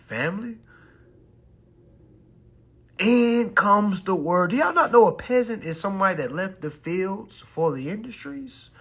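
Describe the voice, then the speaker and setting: A man, ranting loudly and preachily about banks, lawyers and people's rights, swearing as he goes. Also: high voice, slightly rough. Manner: loud, animated, preachy, swearing, mocking voices. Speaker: consumer advice live streamer. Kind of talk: heated ranting talk.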